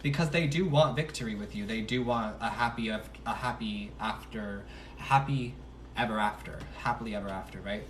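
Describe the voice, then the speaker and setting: A man's voice: fairly low pitch, moderate pace, a bit bright, recorded from a distance, a little hiss or hum. Chatty man giving a tarot reading. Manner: chatty, slangy, laughs at himself. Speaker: tarot reader. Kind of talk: casual livestream tarot reading. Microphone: phone on livestream.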